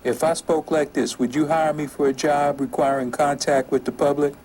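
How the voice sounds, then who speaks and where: A man's voice: on the high side, flat delivery, moderate pace, darkish tone, a little hiss or hum, lightly acted. Man putting on a Southern US drawl. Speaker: research voice sample.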